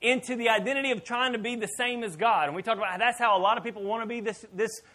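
A man preaching a sermon in church as pastor, animated and joking with the congregation. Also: very high voice, quick pace.

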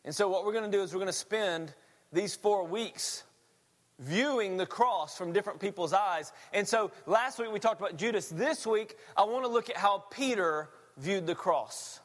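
A male pastor preaching a sermon, telling stories in an animated, laughing way. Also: high voice, moderate pace, long reverb tail.

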